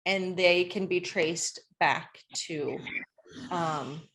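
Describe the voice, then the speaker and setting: A woman's voice: on the low side, drawn-out words, fairly bright tone, a little hiss or hum. A woman co-hosting a podcast, chatting casually and playfully quizzing her partner on slang terms. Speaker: podcast co-host. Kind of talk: casual chat.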